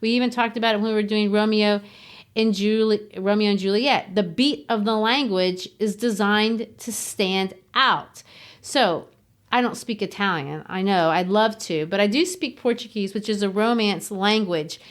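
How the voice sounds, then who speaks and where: A woman's voice: mid-range voice, normal speed. A woman who teaches, co-hosting a podcast in a casual, explanatory way and tapping out rhythms as she explains.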